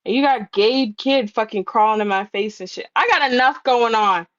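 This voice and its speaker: A woman co-hosting a casual chat podcast, blunt, wry and freely profane. Her voice sits fairly high. The audio is dull and lo-fi. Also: normal speed, no echo. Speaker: podcast co-host.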